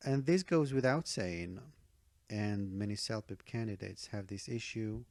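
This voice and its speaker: Slow gravelly man teaching test tips. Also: on the low side, a little mellow, no echo, clean studio sound. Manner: emphatic, checks in with "okay?" and "all right?"; repeats key advice for emphasis. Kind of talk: online speaking-test tutorial.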